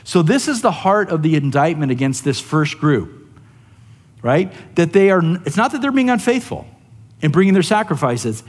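Higher-voiced male pastor in a reverberant hall. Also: sing-song, moderate pace. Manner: conversational, often asks "right?". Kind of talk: sermon.

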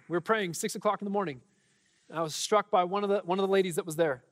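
A young male pastor speaks to his congregation in a loose, fervent way, stumbling over fillers and restarts. His voice sits slightly high, and a long reverb from the church sanctuary trails each phrase. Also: quick pace, crowd noise, background noise. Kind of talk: sermon with prayer and testimonies.

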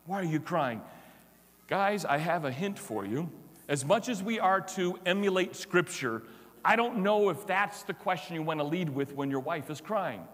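A male pastor preaches with a high, bright voice that leaps all over its range. He slows for dramatic pauses and acts out the people in the story. His voice rings out through a reverberant church hall. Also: animated. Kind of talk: expository Easter sermon.

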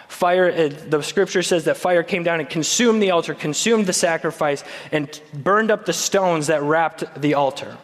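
A man's voice: on the high side, normal speed, few pauses, big-room sound. A man preaching a sermon as pastor, in a conversational storytelling manner.

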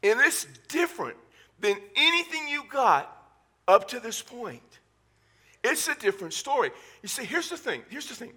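A male pastor with a Southern Texas accent preaching a sermon in church, animated and full of joking asides. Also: extremely high pitch, moderate pace, husky.

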